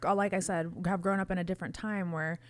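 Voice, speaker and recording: A woman's voice: on the low side, steady tone, fast, dry recording. A woman in her forties hosting a podcast, chatting casually with a guest, speaking bluntly, laughing often and swearing freely. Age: 40s. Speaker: podcast host. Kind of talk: casual interview chat.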